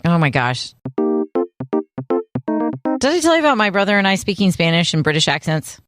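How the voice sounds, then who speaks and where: A woman co-hosting a podcast in casual chat, playful and animated, laughing often. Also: fairly low pitch, moderate pace, no room sound, studio quality, soft background music. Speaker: podcast co-host.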